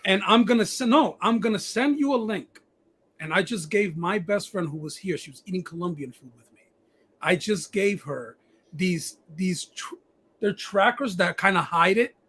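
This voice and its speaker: Male podcast host, high husky voice, profane and rambling, stammers a lot. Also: normal speed, a bit bright. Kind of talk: casual live-stream chat.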